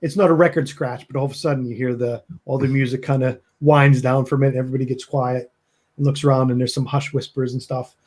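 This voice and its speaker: A man's voice: mid-range voice, flat delivery, fast, a little mellow. A man narrating as game master in a loose, chatty way, laughing often.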